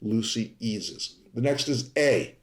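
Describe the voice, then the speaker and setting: A man's voice: mid-range voice, animated, slow pace. A man in the middle of his range hosts an instructional podcast. He coaches with emphasis and draws out repeated words to drive each point home. His voice rings with a noticeable roomy echo. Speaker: podcast host.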